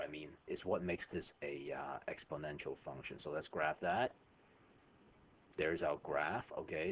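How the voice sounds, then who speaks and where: A man with a low voice teaches a math lesson over a screen recording. His style is chatty and informal, and he keeps checking in with "right?"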